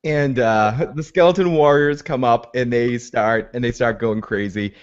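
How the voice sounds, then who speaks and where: A man's voice: medium pitch, unhurried, clear, resonant tone, muffled recording. A man co-hosting a casual recap podcast, retelling the episode with many fillers and restarts. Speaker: podcast co-host.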